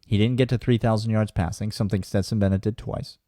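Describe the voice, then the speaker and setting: A man's voice: on the low side, fairly even intonation, fast talker, mellow, no echo, clean studio sound. A man co-hosting a sports podcast, sarcastic and mock-serious. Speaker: podcast co-host. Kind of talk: casual sports chat.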